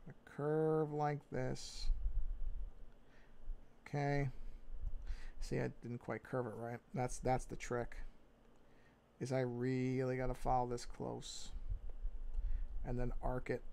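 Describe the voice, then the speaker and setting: A man with a New York accent, livestreaming as he draws, thinking aloud in a relaxed way, muttering to himself and correcting his own moves. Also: medium pitch, takes it slowly, gravelly, pauses often, clear, resonant tone. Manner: talks to himself, muttering and repeating phrases. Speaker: livestreaming artist. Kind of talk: casual think-aloud commentary while drawing.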